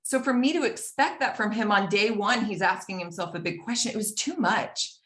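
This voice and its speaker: A woman telling a personal story in an earnest, animated way, acting out bits of dialogue as she talks. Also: mid-range voice, moderate pace. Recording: echoey room.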